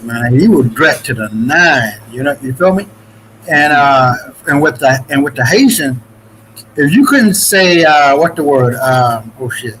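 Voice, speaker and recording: Man from the dominican republic, fairly high voice, rambling, profane, many restarts, faint room noise behind. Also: sharp tone, low-quality recording. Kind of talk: casual chat.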